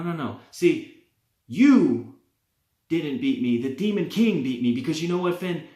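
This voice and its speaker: A man's voice: a little high, dark tone, roomy sound, voice pushed up. A man putting on the voice of a cocky male wrestler who mockingly taunts his rival. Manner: mocking, sarcastic.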